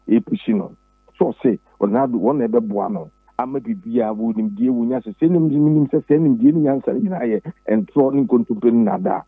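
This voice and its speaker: A Ghanaian man, a pastor and former presidential candidate, speaking emphatically as an interview guest, his voice husky and jumping high when he presses a point. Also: no room sound. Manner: emphatic and preachy, with sudden high pitch leaps and repeated words. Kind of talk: political interview, Twi mixed with English. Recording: tinny phone-like line.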